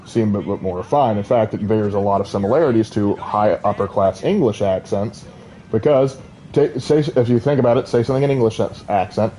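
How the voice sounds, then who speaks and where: A man's voice: on the low side, fairly quick, mellow, slight background noise. A man, chatting and rambling as he streams a game, laughing often. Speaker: gaming streamer. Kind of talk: casual live-stream commentary.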